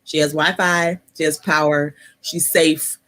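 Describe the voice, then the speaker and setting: A woman hosting a casual live-stream chat, talking softly because of an ear infection, laughing and chatty, sitting close to her computer mic. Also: sits low, flat delivery, a little slow. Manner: chatty, laughing asides, many fillers. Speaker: host.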